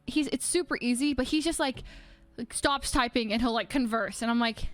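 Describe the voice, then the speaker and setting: A young woman livestreamer in her twenties telling a story in casual, rambling chat, full of "like" and quick laughs. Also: fairly high pitch, dry recording, soft background music.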